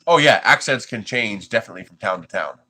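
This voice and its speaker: A man's voice: on the low side, lively intonation, fast, sharp tone, slightly rough. A man from the United States hosting a 3D printing livestream, chatting casually with his viewers and chuckling often.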